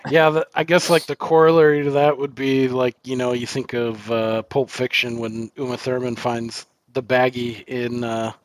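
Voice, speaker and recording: A man's voice: medium pitch, little pitch movement, normal speed, hardly any pauses, no room sound. A man co-hosting a film podcast, rambling casually with lots of fillers and swearing. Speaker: podcast co-host.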